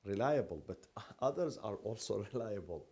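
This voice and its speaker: Lively male teacher quizzing a class. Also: on the low side, moderate pace. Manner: asks the class questions and repeats key terms. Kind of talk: classroom lecture.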